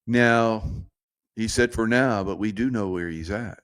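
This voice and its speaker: Casual male commentator, slightly low voice, digressive and chuckling. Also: unhurried, a bit bright, smooth, dry recording. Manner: rambling, digressive, laughs at own jokes.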